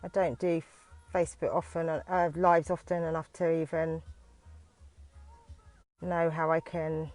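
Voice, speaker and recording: A British woman who teaches dance talks into her phone from inside a parked car on a live video, nervous and halting, with frequent restarts. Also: deep voice, flat delivery, darkish tone, dry recording. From United Kingdom.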